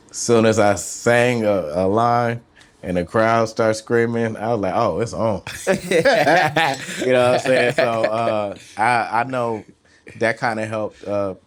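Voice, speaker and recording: A man's voice: lowish voice, fairly even intonation, slow. A man, a musician guest, talking about his career in casual, slangy interview chat, often trailing off and restarting. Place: studio.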